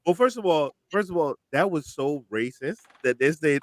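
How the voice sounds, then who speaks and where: A man's voice: a little high, expressive, normal speed, dry recording. A man hosting a casual podcast chat, moving the talk through wrestling news with emphatic opinions. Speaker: podcast host.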